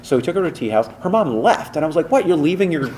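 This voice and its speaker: Rambling, animated man telling studio stories. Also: on the high side, very fast, noisy background. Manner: rambling, animated, lots of fillers and restarts. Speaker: voice director and voice actor guest. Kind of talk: casual podcast interview storytelling.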